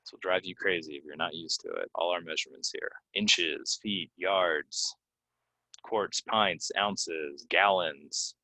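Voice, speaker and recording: A man teaching English pronunciation, reading example sentences and then repeating key words slowly with clear stress. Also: deep voice, fairly even intonation, pushed and bright, no echo. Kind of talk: pronunciation lesson. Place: Orlando, Florida.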